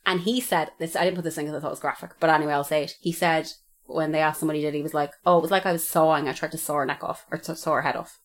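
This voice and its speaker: A woman co-hosts a true-crime podcast in a relaxed, chatty way. Her voice sits slightly low, and she speaks bluntly, swears freely, and keeps acting out what people told her. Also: very fast. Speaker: podcast co-host.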